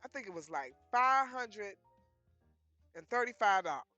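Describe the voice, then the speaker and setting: Lively, bright-voiced woman telling stories. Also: mid-range voice, normal speed, no echo, muffled recording, faint music behind. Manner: animated, acts out both sides of conversations, laughs often; frank and blunt, swears casually. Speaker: vlogger telling her life story. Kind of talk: casual storytelling.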